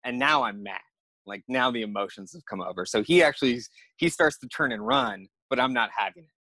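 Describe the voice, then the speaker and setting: A man appearing as a podcast guest, telling a personal story in an animated, casual way and acting out the moments he describes. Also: medium pitch, fairly quick, gravelly, dry recording. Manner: animated, acts out the scenes he describes.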